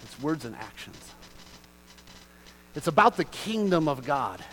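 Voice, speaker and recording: A man preaching a sermon as pastor, reading scripture aloud and explaining it, moving from quiet reading to loud, passionate emphasis. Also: on the high side, sing-song, a little slow, slight background noise, rough recording.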